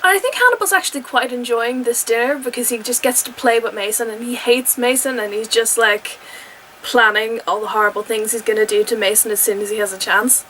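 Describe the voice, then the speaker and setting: A young woman with a higher-pitched voice talks through a TV episode review in a casual, chatty vlog. She is animated and exclaims often, jumping between excited outbursts and quick asides. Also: a little hiss or hum, rough recording.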